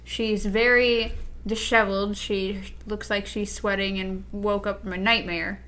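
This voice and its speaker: A woman's voice: mid-range voice, flat delivery, measured pace, fairly bright tone. A woman co-hosting a podcast in casual review chat, easygoing and often giggling. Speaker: podcast co-host.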